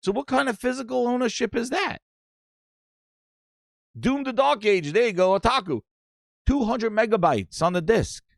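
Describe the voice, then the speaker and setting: A man's voice: very high-pitched, moderate pace, creaky, pauses often, no room sound. Male podcast host, profane live-stream rant, dry close sound. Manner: animated, profane, reads chat aloud.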